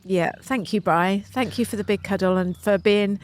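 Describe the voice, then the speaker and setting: A middle-aged woman with a mid-range voice speaks at a normal pace, co-hosting a laid-back podcast. She tells stories in a gushing, emotional manner, recorded outdoors at her home.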